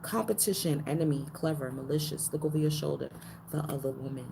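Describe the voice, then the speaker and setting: A woman with a low voice gives a spiritual card reading in a loose, slangy way, repeating lines as she goes and jumping up in pitch for emphasis. Steady background noise runs beneath her voice. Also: a little fast, vocal fry. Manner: slangy, repeats phrases, animated pitch jumps. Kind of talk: casual card-reading livestream.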